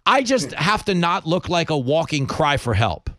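A man hosting a talk radio show, his voice dry and close with no room sound around it. He jokes about himself and tells stories in a loose, chatty way, full of quick asides. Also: fairly high pitch, sing-song, a bit bright, no echo. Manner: joking, self-mocking, quick asides. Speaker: radio host. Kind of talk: casual chat and storytelling.

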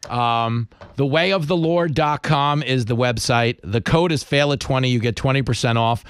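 A man hosting a talk radio show, his voice dry and close with no room sound around it. He jokes about himself and tells stories in a loose, chatty way, full of quick asides. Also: medium pitch, clear, resonant tone, no room sound. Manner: joking, self-mocking, quick asides. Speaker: radio host. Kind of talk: casual chat and storytelling.

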